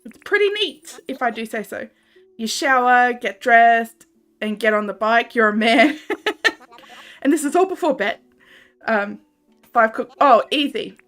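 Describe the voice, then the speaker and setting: A woman's voice: a little high, animated, unhurried, pauses often, a bit bright, faint music behind. A young Australian woman chatting casually with her viewers while gaming on a livestream, laughing often and reading out chat messages. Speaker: streamer.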